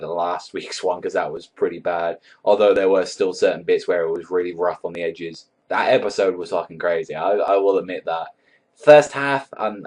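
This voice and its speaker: Guy ranting casually about an anime ep, lots of likes and swearing, lowish voice. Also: a little mellow. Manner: rambling, swears a lot, many likes and fillers. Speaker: anime reaction vlogger. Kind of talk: casual episode review.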